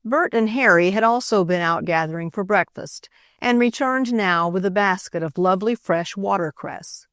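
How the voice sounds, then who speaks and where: A woman narrating an old children's novel as an audiobook, in an even storytelling manner. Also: mid-range voice, normal speed, few pauses, dry recording, clean studio sound. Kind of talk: scripted narration of a children's classic.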